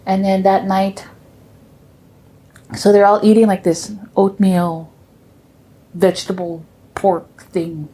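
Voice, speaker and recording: A woman telling her family's stories in a gentle, unhurried way, with soft pauses. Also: medium pitch, level tone. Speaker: storyteller.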